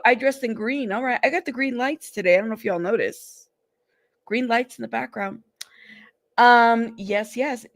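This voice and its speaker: Woman, native Spanish speaker, livestream host, chatty, fairly high voice, dry close sound. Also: no room sound. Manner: chatty, greets viewers by name. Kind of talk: casual livestream chat.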